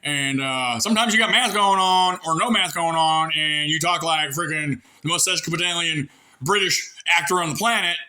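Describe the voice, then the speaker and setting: A man's voice: on the high side, normal speed, bright, forceful tone. A man with a rural American accent, rambling through a sarcastic, coarse, folksy rant. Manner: sarcastic, ranting, digressive. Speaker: vlogger airing grievances. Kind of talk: rambling monologue to camera.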